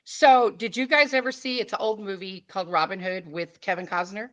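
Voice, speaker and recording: A woman jumps into a podcast chat with an eager comment. Her voice is bright and sharp at a middle pitch. She talks in a chatty, quick way. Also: steady tone. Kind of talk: casual chat.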